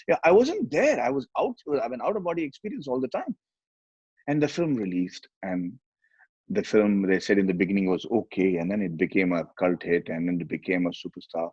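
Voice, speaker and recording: A middle-aged man with an Indian English accent tells stories quickly and with animation in a casual chat, slipping into the voices of the people he quotes. His voice is slightly low and husky. The recording is dry and somewhat dull. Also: no echo. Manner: animated, switches between English and Hindi, acts out quoted voices. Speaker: guest, film actor.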